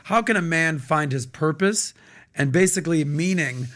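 A man's voice: on the high side, animated, moderate pace, a bit bright. A man from the United States hosting a podcast, chatting casually and eagerly, cracking jokes and asking his guest questions. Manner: enthusiastic, jokey, asks questions. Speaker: podcast host. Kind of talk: casual interview chat.

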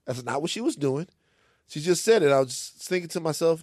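A man from Louisiana co-hosts a loose, comic conversation and tells his stories with big swings in pitch. His voice sits a little high for a man. The sound is dry and close to the mic. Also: fairly quick, gravelly, no room sound. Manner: animated storyteller, acts out other voices. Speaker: podcast co-host. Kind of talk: casual comic chat.

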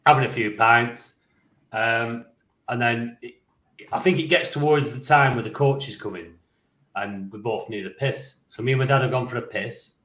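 A man rattles through a story, rambling and lively, swearing freely and laughing as he goes. His voice sits at an ordinary middle pitch. The room around him gives it a noticeable echo. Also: normal speed. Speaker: podcast co-host. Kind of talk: casual anecdote telling.

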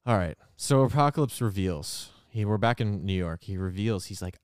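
Male co-host, low smooth voice, playful interjections, dry close mic. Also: expressive, normal speed, no room sound. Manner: jokey, chimes in, acts out characters. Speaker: podcast co-host. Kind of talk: casual recap chat.

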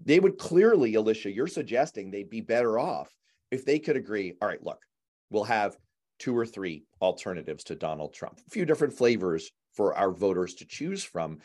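A man hosting a casual political panel, animated and jokey, acting out mock phone calls. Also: fairly low pitch, normal speed. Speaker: host.

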